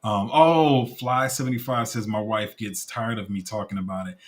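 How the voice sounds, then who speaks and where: Low-voiced man hosting a casual livestream. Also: fairly even intonation, normal speed. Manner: rambling, emotional, laughs easily. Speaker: crypto livestream host.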